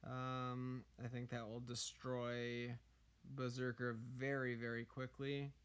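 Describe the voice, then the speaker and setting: A hoarse man giving casual game tips, hesitant, with many ums and uhs. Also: mid-range voice, monotone, slow, a bit bright. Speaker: gaming YouTuber.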